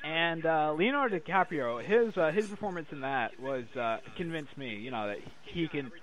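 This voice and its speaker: A man's voice: on the high side, animated, normal speed, a bit bright, rough recording. A young man hosting a podcast, chatting casually, swearing often and laughing a lot. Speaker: podcast host. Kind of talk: casual chat.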